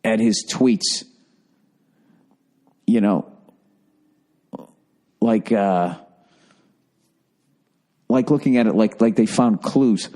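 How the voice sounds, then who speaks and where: A man's voice: on the low side, very slow, pauses often, dark tone. A man in his forties, hosting his own podcast and ranting with heavy profanity and sarcasm in a casual solo monologue. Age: 40s. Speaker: podcast host.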